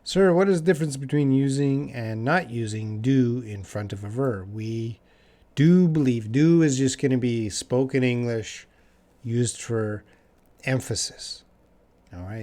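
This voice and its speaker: A young man from Canada, with a mid-range and somewhat mellow voice, is teaching English on a live stream. He responds casually to chat questions and goes over phrases slowly for learners.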